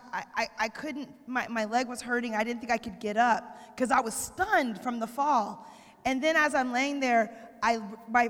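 A woman's voice: fairly high pitch, fairly bright tone. A woman from Arizona telling a funny, self-mocking story to a church gathering, with a long hall reverb on her voice. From Arizona, USA. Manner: chatty, self-mocking humor. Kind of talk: casual storytelling to a congregation.

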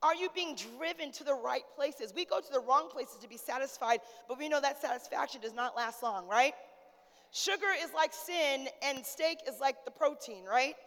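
High-voiced woman pastor preaching. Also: normal speed. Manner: lively, conversational preaching with church call-outs. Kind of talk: sermon. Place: church sanctuary. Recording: church hall with long reverb.

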